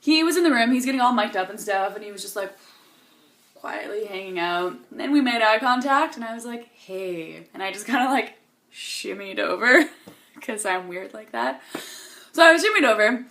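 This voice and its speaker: A woman's voice: a little high, lively intonation, moderate pace, a bit bright. A young woman vlogging to camera in a bubbly, gushing, chatty way, tired and coming down with a cold. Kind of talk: casual chat to camera.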